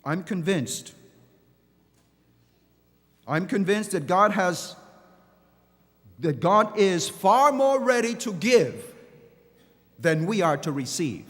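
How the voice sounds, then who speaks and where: A man's voice: sits high, expressive, slow pace, pauses often, a bit bright. A male pastor preaching a passionate sermon with repeated phrases and restarts. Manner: impassioned preaching with repetitions and restarts. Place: large church hall. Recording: long church hall reverb.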